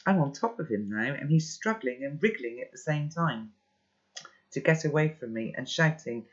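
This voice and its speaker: A man reading a children's novel aloud in a steady first-person narration, sometimes stepping out for brief spoken asides. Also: mid-range voice, moderate pace. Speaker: storybook reader. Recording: dull lo-fi recording.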